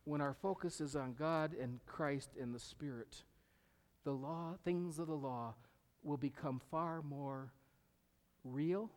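Middle-aged male pastor, slightly high-pitched, emphatic sermon delivery with whispered asides, recorded in a reverberant church hall. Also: a little mellow. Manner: emphatic, repeats key phrases, drops to a whisper at times.

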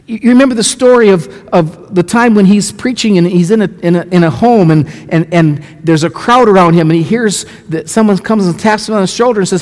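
A man's voice: sits high, brisk, hardly any pauses. A male pastor delivering a sermon, asking the congregation questions and telling stories with quoted lines. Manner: asks the congregation questions, lively storytelling with acted quotes. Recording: long hall reverb.

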